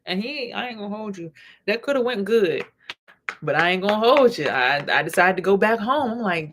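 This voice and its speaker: A woman's voice: mid-range voice, lively intonation, fairly quick, background noise. A woman vlogger talking bluntly to camera, telling stories with plenty of profanity. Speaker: vlogger and spiritual reader. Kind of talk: casual talking-to-camera monologue.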